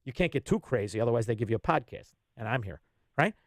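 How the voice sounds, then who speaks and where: A man's voice: animated, quick pace, no echo, clean studio sound. Ranting fifty-something man. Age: 50s. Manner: blunt, ranting, swings between loud and low. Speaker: radio guest. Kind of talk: heated political radio talk.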